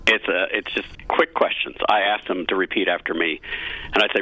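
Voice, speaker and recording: A man's voice: lowish voice, fairly quick, breathy edge, dry recording. A middle-aged man, a cathedral choir director, talking earnestly and enthusiastically as a guest in a radio interview over a phone line. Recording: tinny phone line, dry.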